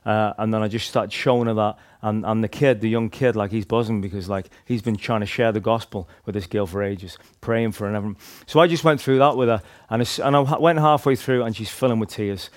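A man's voice: lowish voice, fairly even intonation, brisk, hardly any pauses, no room sound. Rambling man telling faith stories. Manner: rambling, heavy use of "like" and "you know", restarts. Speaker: street evangelist. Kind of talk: casual storytelling testimony.

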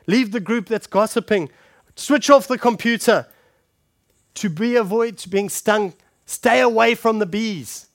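A man preaching a sermon, calling his listeners friends and shifting between forceful punches and hushed scripture reading. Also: high-pitched, a little slow, creaky, no echo, studio quality. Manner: emphatic, addresses the congregation directly as friends.

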